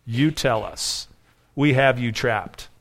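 A man's voice: medium pitch, slow pace, a bit bright. A man preaching a sermon, asking rhetorical questions and building to emphatic peaks. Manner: voices the accusers with sharper, raised delivery. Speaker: pastor.

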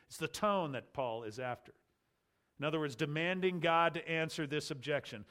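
Preaching an expository sermon at a moderate pace, this man speaks with a fairly high voice. His delivery is rhetorical and forceful, alternating booming declarations with hushed side remarks.

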